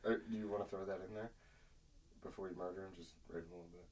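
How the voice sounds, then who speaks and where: A man co-hosting a casual podcast chat in a studio, teasing in a deadpan way. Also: deep voice, rapid-fire, low-quality recording. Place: recording studio.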